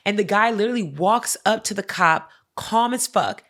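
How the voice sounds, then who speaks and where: A woman co-hosting a podcast in casual chat, telling stories with animated energy, heavy slang and swearing, and lots of "like" and "literally.". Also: medium pitch, brisk, few pauses. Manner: fillers "like" and "literally". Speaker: podcast co-host.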